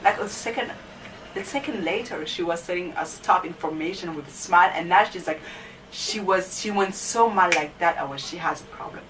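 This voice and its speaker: Recorded on a distant mic with a little background noise, a young adult student vlogger tells a casual story about her teachers. She speaks at a moderate pace in a fairly low voice and leans on fillers like "you know."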